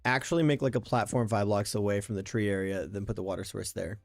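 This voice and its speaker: A man's voice: on the low side, steady tone, fast, creaky, dry recording. A man streaming a survival game, talking casually and thinking aloud as he plays, often restarting his sentences. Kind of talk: casual gameplay commentary. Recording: faint background game music.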